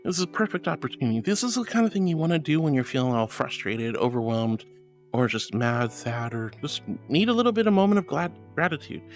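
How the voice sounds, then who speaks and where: An affectionate VTuber streamer on a casual live stream, calling viewers honey and sweetheart. The voice sits in a middling register but leaps around, from soft and reassuring to high and excited. Faint music plays underneath. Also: brisk. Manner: swings between soft reassuring advice and high excited thanks. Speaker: VTuber livestreamer. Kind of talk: casual livestream chat reading and pep talk.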